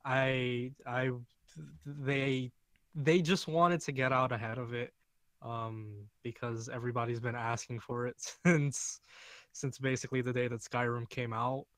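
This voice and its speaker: A man's voice: medium pitch, steady tone, unhurried, a bit bright, no echo. A man talking as a guest on a casual panel chat, speaking hesitantly with many ums.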